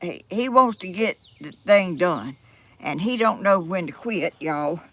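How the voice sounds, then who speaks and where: Speaking in a low-leaning, expressive voice and taking her time, a Georgia-born older woman with a Southern accent rambles folksily to the camera from her home beside a yard. This vlogger exclaims frequently in her casual chat.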